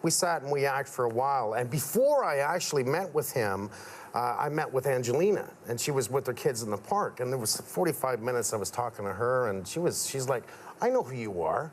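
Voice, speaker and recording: A man's voice: medium pitch, fairly quick, a little hiss or hum. A middle-aged man, a contractor guest on a talk show, chatting casually and acting out quoted people as he tells stories. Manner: animated storyteller, acts out quotes.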